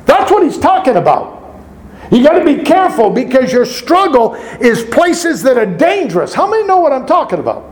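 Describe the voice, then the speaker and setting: A pastor, a man with a notably high-pitched voice, delivers a sermon. He reads scripture aloud and keeps turning to the congregation with rhetorical questions. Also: sing-song, moderate pace, poor audio.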